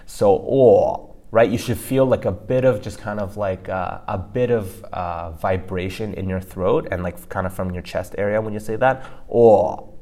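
Male podcast co-host, very low voice, casual teacher who rambles with fillers. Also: normal speed, few pauses, a little mellow. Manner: chatty, loose with fillers like "like" and "you know".

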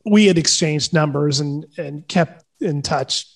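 A man telling a lively, profane anecdote as a podcast guest in casual conversation. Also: on the high side, unhurried, creaky, husky. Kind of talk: casual storytelling.

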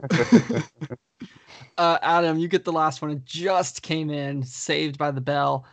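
Male podcast co-host, slightly high voice, dry close sound, chatty, reads listener questions. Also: steady tone, takes it slowly, no echo. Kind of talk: casual chat.

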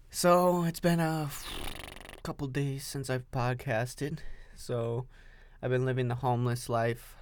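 A young man hosts a solo podcast standing up with a coffee, rambling, swearing and repeating himself. His voice is mid-range and there's no echo.

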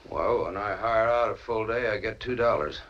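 An actor playing a weary rancher, talking in dry, clipped lines in an old film clip. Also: male voice, lowish voice, moderate pace, a bit bright, muffled recording, lightly acted. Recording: old film audio with faint score.

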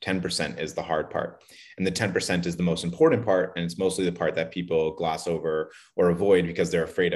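Chatty podcast host guy, real low voice, laughs a lot. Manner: upbeat, chatty, laughs easily. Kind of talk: casual podcast chat.

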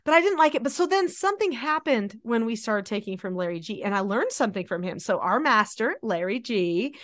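A woman in her forties, a mother and host, talking in a chatty, animated way and acting out quotes. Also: fairly high pitch, a little fast, no echo, clean studio sound. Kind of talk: casual conversation.

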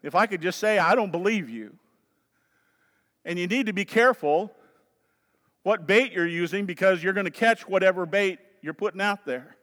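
A pastor with a Southern US accent preaching a sermon, swinging between loud urging and quiet low asides. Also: male voice, normal speed, long pauses. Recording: long hall reverb.

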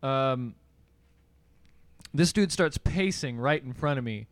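A young man co-hosting a podcast, telling a rambling story in a laid-back way with deadpan asides. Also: mid-range voice, takes it slowly, no echo. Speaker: podcast co-host. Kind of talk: casual storytelling.

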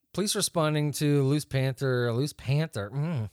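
With a fairly high, clear, resonant voice, a podcast host moves a little slowly through news headlines with few pauses, laughing often as he jokes and rambles about them in casual chat. The studio recording is clean, with no room sound.

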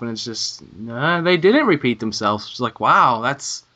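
A man co-hosting a gaming podcast, chatting casually and getting excitable and gushing when thrilled. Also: mid-range voice, unhurried, few pauses. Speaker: podcast co-host.

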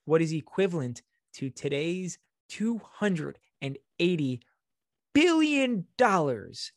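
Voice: mid-range voice, big pitch swings, slow pace, no room sound, clean studio sound. Sarcastic joking podcast co-host. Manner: joking, sarcastic riffing with laughter. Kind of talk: casual podcast chat.

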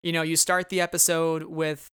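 Host, middle pitch, smooth and crisp, lively and acts out quotes. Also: normal speed, no room sound, clean studio sound. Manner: animated, quotes scenes in voices. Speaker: podcast host. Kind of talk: casual chat.

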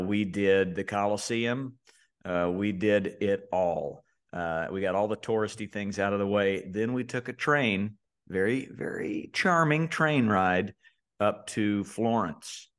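An easygoing man in his thirties chats on a podcast, with a fairly low voice. He rambles warmly through his story, full of "uh" and small restarts. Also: clear, resonant tone. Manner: laid-back storyteller, many fillers and restarts. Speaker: podcast co-host. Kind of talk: casual podcast chat.

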